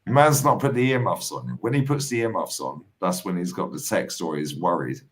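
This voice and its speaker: A man's voice: low voice, animated, moderate pace. A man in casual chat, teasing, bantering and swearing freely.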